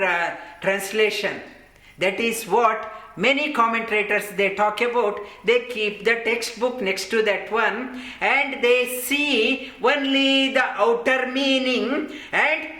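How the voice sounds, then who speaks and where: A man's voice: sits high, bright, forceful tone. A man teaching a scripture class, explaining verses in an earnest, repetitive way. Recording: roomy echo.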